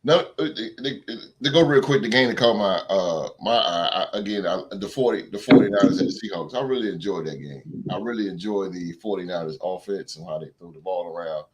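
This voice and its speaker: A man's voice: low voice, brisk, hardly any pauses. A young man hosting a sports podcast, ranting with emphatic, repetitive casual talk. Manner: animated, emphatic, repeats himself. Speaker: podcast host.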